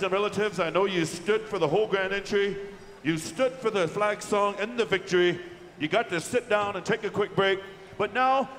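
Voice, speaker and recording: A man working as pow wow announcer, calling out names slowly and drawing them out over a microphone in a large indoor arena. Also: sits high, fairly bright tone, slight background noise. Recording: echoey arena PA from far off.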